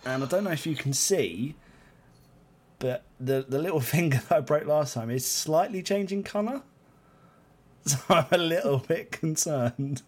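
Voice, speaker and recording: A man co-hosting a podcast, teasing in a dry, deadpan way. He sounds tired. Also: a little high, unhurried, husky. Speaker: podcast co-host. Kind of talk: casual banter.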